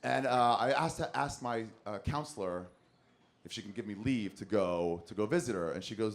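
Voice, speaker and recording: A man's voice: lowish voice, normal speed, creaky. A man doing stand-up comedy, telling a long, profane story on a club stage and acting out the voices of the people in it. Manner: profane, animated, acts out quotes.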